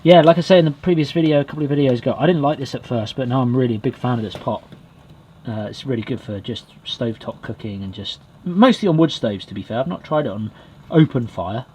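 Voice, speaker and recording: A man from Britain vlogging from a small wood cabin with a stove, chatting in a relaxed way and talking straight to his viewers. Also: mid-range voice, fast, breathy edge. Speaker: outdoors vlogger. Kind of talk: casual vlog to camera.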